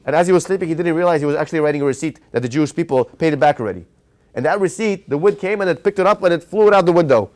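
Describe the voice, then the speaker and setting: A rabbi tells a lively story in a Torah class, speaking quickly in a high voice. He stops now and then to put questions to his listeners, then carries on. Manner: animated storyteller who quizzes his audience.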